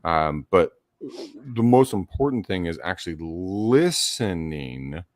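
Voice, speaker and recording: Deep-voiced man coaching listeners. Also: big pitch swings, takes it slowly, dry recording, clean studio sound. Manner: emphatic, coaching tone, profane at times. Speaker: podcast co-host. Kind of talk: casual podcast chat.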